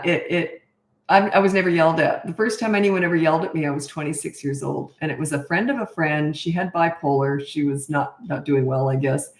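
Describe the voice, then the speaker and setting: A middle-aged woman from Canada, a parenting coach answering viewer questions in a blunt, matter-of-fact casual chat. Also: low-pitched. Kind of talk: casual livestream Q&A. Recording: echoey room.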